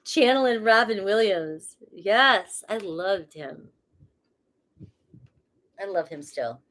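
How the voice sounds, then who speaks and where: A woman's voice: mid-range voice, expressive, slow, fairly bright tone. A woman with a cold, a tarot reader who gives a casual, rambling reading and laughs at herself as she talks. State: has a cold.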